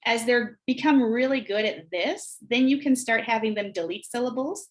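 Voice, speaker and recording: A woman leads a teacher workshop over a video call, sounding like a presenter at her computer mic. She explains early reading skills in a clear, instructional way, and she slows down to model short words and sentences for the audience. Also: a little high. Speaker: teacher trainer.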